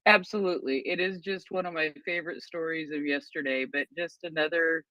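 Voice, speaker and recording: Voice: mid-range voice, fairly even intonation, a little fast, pushed and bright, dry recording. A host of an online audio chat, eagerly reading out news updates and then asking questions. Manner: eager, reads out reports then asks questions. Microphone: Twitter Space audio. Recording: dull, dry lo-fi online audio.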